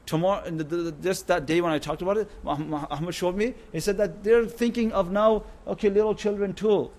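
A man's voice: high-pitched, steady tone, brisk, a little mellow. A man giving an informal sermon to a religious gathering, repeating his points and often checking that listeners understand. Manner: repetitive, keeps asking "understand?". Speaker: religious teacher.

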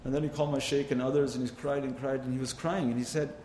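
A man's voice: medium pitch, steady tone, quick pace, hardly any pauses, mellow, a little hiss or hum. A man preaching a sermon with impassioned, rising and falling delivery, mixing in Arabic phrases. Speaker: Islamic preacher. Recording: echoey hall, faint ambience.

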